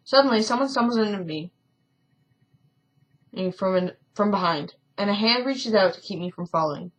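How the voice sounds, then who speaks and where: A woman's voice: medium pitch, expressive, normal speed, poor audio. Casual woman reading a game aloud. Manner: stumbling, self-correcting reading with asides. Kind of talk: casual let's-play reading.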